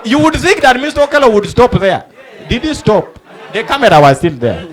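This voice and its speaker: A man with a Ugandan English accent doing animated stand-up, acting out the people in his stories. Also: very high-pitched, fairly quick. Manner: animated storytelling, acting out characters. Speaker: stand-up comedian. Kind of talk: stand-up comedy. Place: comedy club stage before a live audience. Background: audience laughter.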